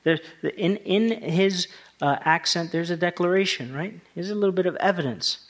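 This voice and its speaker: A man's voice: high-pitched, moderate pace. A male pastor preaching a sermon, talking through scripture in a conversational way that rises to emphatic passages.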